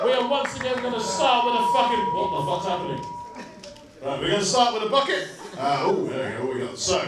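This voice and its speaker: A man's voice: very high-pitched, normal speed, very noisy. A man hosting a comedy night, doing crude, teasing crowd work on stage. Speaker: show host. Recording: echoey club from far mic, loud crowd.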